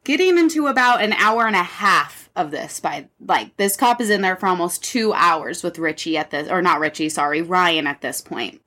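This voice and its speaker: A woman's voice: on the low side, animated, normal speed, hardly any pauses, bright, forceful tone. A woman casually retelling a story to a co-host, leaning on lots of "like" fillers as she talks it through.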